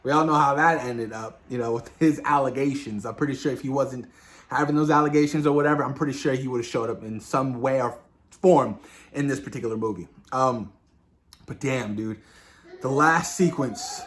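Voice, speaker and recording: Male movie reviewer, average pitch, energetic, retells scenes with quick character impressions. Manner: swears casually. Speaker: movie discussion host. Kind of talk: casual spoiler review.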